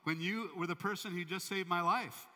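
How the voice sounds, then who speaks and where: A man voicing a proud, hot-tempered king in a spoken sermon story, with loud, exasperated outbursts. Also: high voice, moderate pace, big-room sound, voice pushed up. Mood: remorseful.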